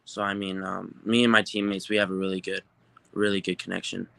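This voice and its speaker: A teenage football recruit from New Mexico, answering interview questions in an upbeat, rambling way with many fillers. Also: male voice, sits low, flat delivery, fairly quick, gravelly, bright, forceful tone, clear, resonant tone, dry recording. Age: teens.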